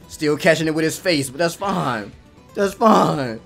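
A man giving excitable, casual reaction commentary while watching an anime, cheering and laughing often. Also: on the high side, measured pace, creaky, faint music behind.

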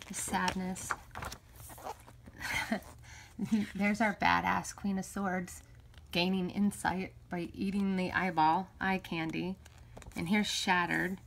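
Chatty woman with a gravelly edge. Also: medium pitch, steady tone, measured pace, a little hiss or hum. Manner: enthusiastic, chatty, trails off and restarts. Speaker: tarot vlogger. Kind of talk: casual show-and-tell.

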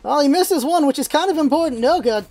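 A gaming video host calling out live gameplay, excitable and shouting, repeating calls and teasing opponents. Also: sits high, fast. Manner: teasing, talks to enemy players.

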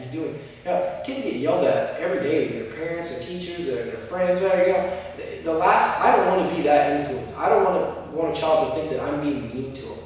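Man, martial arts instructor, practical instructional talk, booming reverb, distant mic. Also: lively intonation, a little fast. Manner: practical, explains with spoken examples. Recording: echoey room, distant mic.

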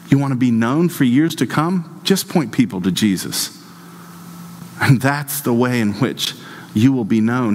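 A pastor delivers a sermon in a church sanctuary, his middle-pitched male voice ringing with a long hall reverb. He reads scripture and then drives his points home with growing fervor. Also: lively intonation, unhurried, a little mellow. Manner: preaching with rising, impassioned emphasis.

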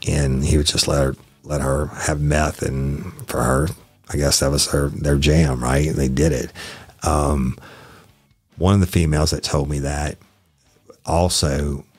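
A man's voice: extremely low pitch, flat delivery, a little slow, a little mellow, husky, no room sound, soft background music. A middle-aged man with a Southern US accent, hosting a podcast and telling a true-crime story bluntly and profanely. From Louisiana. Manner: profane, blunt, acts out quoted dialogue. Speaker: podcast host, former detective.

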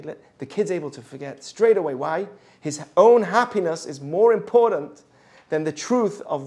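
A man teaching a Jewish ethics class, animated, acting out the voices of the people he quotes. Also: sits high, a little fast.

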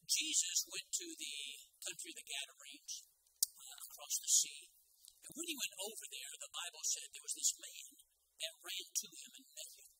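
Midwestern preacher guy, real high voice swinging all over, bright and piercing. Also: wildly swooping pitch, normal speed, low-quality recording. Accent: Midwestern American. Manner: emphatic, repeating phrases for stress. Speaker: pastor. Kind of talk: sermon.

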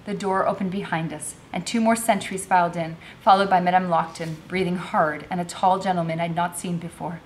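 A woman's voice: on the low side, steady tone, fairly quick, few pauses, slight background noise. A woman teacher reading a novel aloud, narrating expressively.

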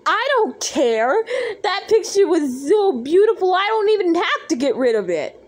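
A woman's voice: extremely high pitch, sing-song, moderate pace, voice pushed up. A woman voicing a touchy female toy cat who is easily flustered, whiny and squealing in a toy play-acting video. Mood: embarrassed, laughing. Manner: whiny, squealing, keeps laughing and protesting.

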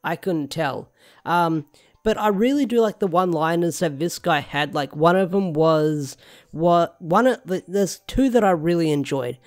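Young male reviewer, slightly high voice, casual and rambling, thinks aloud. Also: measured pace. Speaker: show reviewer. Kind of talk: casual solo review talk.

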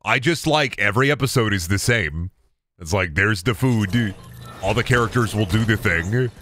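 A man's voice: fairly low pitch, animated, normal speed, a bit bright, soft background music. A man streaming a game, ranting cynically and with plenty of swearing in a casual chat. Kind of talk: casual chat while gaming.

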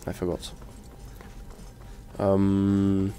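Man, Norwegian accent, let's play commentary, slow, lowish voice, jokey, casual swearing. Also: steady tone, faint music behind. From Norway. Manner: joking, teasing the game characters, swears casually.

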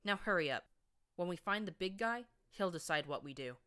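A woman's voice: on the low side, lively intonation, normal speed, bright, forceful tone. A woman voicing a cruel male raider pony who mocks his captive in a harsh, whining mimicry. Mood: bossy.

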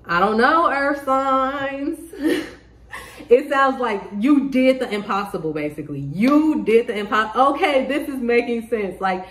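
A woman giving a casual tarot reading to the camera, excitable, laughing often and swearing freely. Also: on the high side, measured pace. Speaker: tarot reader. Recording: roomy echo.

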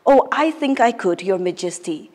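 A woman teacher reading the lines of a clever male court advisor in a storybook, calm and stubborn. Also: mid-range voice, moderate pace, in a large hall, lightly acted.

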